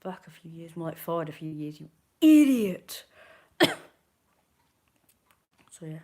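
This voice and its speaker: A woman's voice: deep voice, little pitch movement, fast talker, darkish tone. Rambling woman on a livestream. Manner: rambling, chatty, self-correcting. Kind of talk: casual livestream chat.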